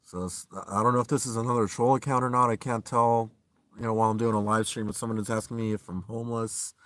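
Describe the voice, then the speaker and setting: A man live-streaming from inside his van, ranting angrily and swearing, his voice swinging between loud outbursts and low, tired muttering. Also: little pitch movement, fast talker. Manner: heated and profane, swings from shouting to low muttering. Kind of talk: angry live-stream rant.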